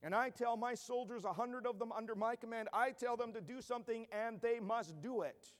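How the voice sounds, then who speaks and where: A man's voice: very high voice, a little fast, in a large hall, voice pushed up. A man preacher voicing a Roman centurion, a confident soldier who is humble before Jesus, speaking in a raised, emphatic, declaiming way. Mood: earnest, emphatic.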